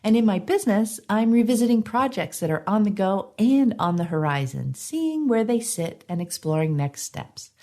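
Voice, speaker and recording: Hoarse-sounding woman hosting a podcast. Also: mid-range voice, expressive, normal speed, hardly any pauses, mellow. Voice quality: slightly hoarse, frog in throat. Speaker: podcast host. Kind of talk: podcast intro and interview.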